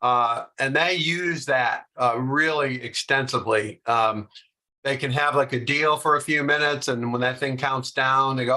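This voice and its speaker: Man, workshop presenter, bright voice, casual and hesitant, video call. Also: medium pitch, fairly even intonation, unhurried. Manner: casual, hesitant, many fillers. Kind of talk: webinar commentary.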